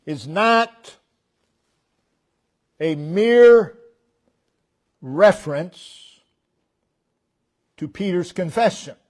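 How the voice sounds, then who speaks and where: Pastor guy preaching slow and careful, kinda high voice, punches words then goes real quiet. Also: lively intonation. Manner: emphatic, deliberate, with sharp swings between loud stresses and quiet drops. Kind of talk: sermon. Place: church.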